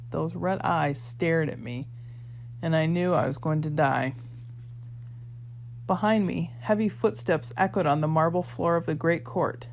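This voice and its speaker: A woman narrating a novel aloud in a measured storytelling way. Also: low voice, slight background noise. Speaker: audiobook reader. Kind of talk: scripted audiobook narration.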